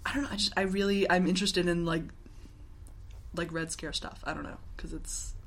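A woman's voice: lowish voice, fairly even intonation, a little fast, a bit bright, slight background noise. A young woman co-hosting a podcast, recapping a TV episode in a rambling, laughing way full of fillers. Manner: rambling, lots of fillers and laughs, acts out characters. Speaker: podcast co-host. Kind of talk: casual chat recapping a TV episode.

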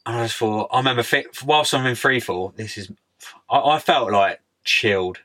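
A man's voice: mid-range voice, lively intonation, normal speed, bright, forceful tone. A young man chatting casually as a podcast guest, laid-back, full of slang and "mate". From United Kingdom. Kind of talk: casual interview chat.

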